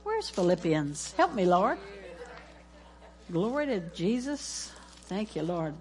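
Woman, preacher, church sermon, exuberant, slow-paced. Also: medium pitch, big pitch swings. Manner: exuberant, laughing, chanting.

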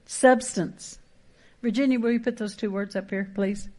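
A woman pastor, preaching a sermon in a folksy, emphatic way with quick asides and rising exhortations. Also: mid-range voice, fairly even intonation, mellow.

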